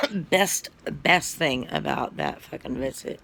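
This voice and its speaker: Sick coughing guy rambling and swearing his way through a story, super gravelly voice, pretty high. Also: bright, forceful tone. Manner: rambling, profane storytelling with many fillers. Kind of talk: casual personal story to camera.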